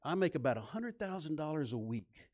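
A man voicing a calm, wealthy castaway who feels blessed and unworried, in a sermon joke. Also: on the high side, a little fast. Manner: relaxed, unbothered.

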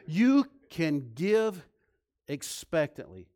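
A man preaching a sermon as pastor of a church, quizzing the congregation and swinging from loud emphatic lines to soft, low endings. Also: expressive, normal speed. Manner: preaching with call-and-response questions to the congregation. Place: church sanctuary.

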